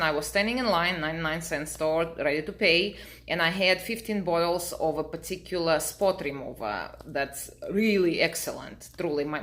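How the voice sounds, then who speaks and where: A middle-aged woman, native Russian speaker, telling a story to her camera in a dry, deadpan way. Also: low voice. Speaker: vlogger.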